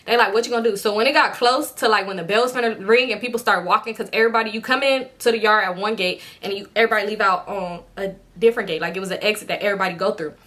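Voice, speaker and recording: Young woman, animated storyteller, vivid bright tone, acts out quotes. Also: medium pitch, racing, hardly any pauses. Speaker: storytime vlogger. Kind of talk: casual storytelling.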